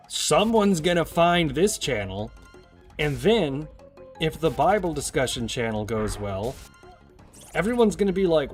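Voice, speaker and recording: A man streaming a game, chatting casually in a rambling, jokey way with plenty of swearing. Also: medium pitch. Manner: rambling, profane, jokey asides. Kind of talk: casual chat while gaming.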